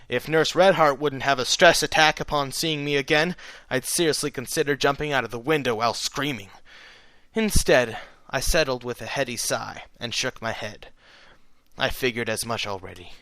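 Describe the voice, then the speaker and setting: A man reading a first-person story aloud in steady, plain narration that sometimes slows into a hushed tone. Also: mid-range voice, no room sound. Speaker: reader of fan fiction.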